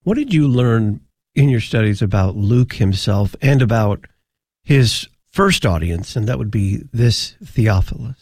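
Male radio host, measured formal delivery, dry close studio sound. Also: fairly low pitch, expressive, a little mellow, no echo. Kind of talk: radio interview.

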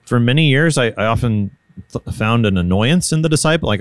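A man's voice: mid-range voice, animated, fairly quick, dry recording, studio quality. A man co-hosting a casual Bible discussion, thinking aloud with frequent restarts. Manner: thoughtful, hesitant, with many restarts and light laughs.

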